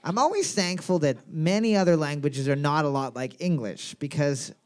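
A man's voice: on the high side, animated, moderate pace, a little mellow, smooth. A man hosting a casual trivia game with a friend, reading questions out with emphasis and joking around. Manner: jokey, laughs often, reads questions out with emphasis. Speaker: quiz host.

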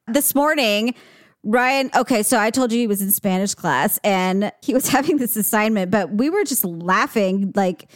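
A woman's voice: mid-range voice, dry recording, clean studio sound. A woman chatting casually with her sister, telling stories with laughs and the odd swear. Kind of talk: casual chat between sisters.

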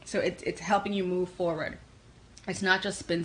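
A woman from New York with a New York accent, hosting a casual tarot livestream and answering comments in a quick, energetic way. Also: on the low side, a little hiss or hum, rough recording. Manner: fast-talking, energetic, reads comments aloud. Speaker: livestream host doing tarot readings.

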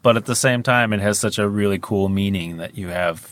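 A young adult voice actor, appearing as an interview guest, answers questions in a lowish, brisk voice. The chat is easygoing and rambling, and he laughs often. It's captured on a studio microphone.

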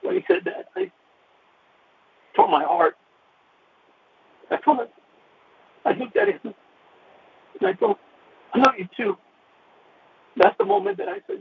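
Gravelly man on a tinny phone line. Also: very high-pitched, very animated, a little hiss or hum. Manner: halting, with many restarts and repeated words. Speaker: caller sharing a personal testimony. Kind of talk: emotional personal testimony.

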